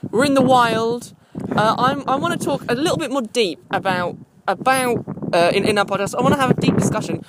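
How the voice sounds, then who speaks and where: A young man co-hosting a comedic podcast outdoors, rambling hesitantly with many fillers. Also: very high voice. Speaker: podcast co-host. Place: outdoors beside a forest, football crowd and trains nearby. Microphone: shared handheld mic. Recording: outdoor recording with noticeable background noise.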